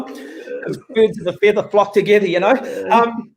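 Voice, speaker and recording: A man's voice: sits high, normal speed. A man, a rugby pundit ranting sarcastically and bluntly on a talk radio show.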